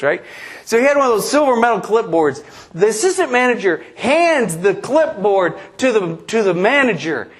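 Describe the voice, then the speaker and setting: A middle-aged man from eastern New Mexico telling a funny story at a conference, animated, laughing at his own tale and acting out the other people's lines. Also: sits high. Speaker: conference speaker. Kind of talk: humorous storytelling keynote. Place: convention presentation.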